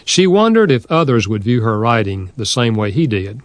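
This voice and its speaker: A man narrating a nonfiction audiobook in a steady, measured reading style. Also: medium pitch, dry recording.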